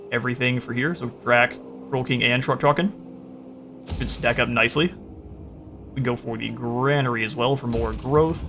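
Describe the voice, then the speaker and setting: A man's voice: medium pitch, steady tone, moderate pace, pauses often, background noise. A man casually commentating his own strategy game session, thinking aloud with frequent fillers and restarts. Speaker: gaming channel host.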